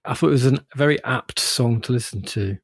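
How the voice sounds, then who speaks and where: A man's voice: mid-range voice, fairly quick, no room sound, studio quality. A man co-hosting a podcast, musing thoughtfully in casual chat. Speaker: podcast co-host.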